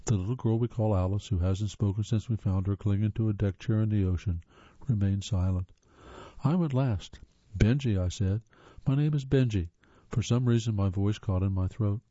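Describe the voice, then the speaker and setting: A man reading audiobook narration in a steady, measured way. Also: fairly low pitch, no room sound. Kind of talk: scripted narration. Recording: dull dry lo-fi audiobook.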